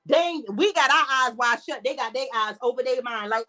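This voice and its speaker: Female podcast host, African American English accent, high voice, blunt and profane, a bit off-mic. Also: fairly quick, hardly any pauses, sharp tone, distant mic. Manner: blunt, heated, profane ranting. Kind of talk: impassioned monologue.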